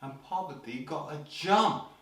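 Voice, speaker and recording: A man hosting a children's show, telling a story playfully and breaking into sudden shouts, heard in an echoey room from a distance. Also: fairly high pitch, measured pace. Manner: animated, leaps into loud sudden shouts for scares.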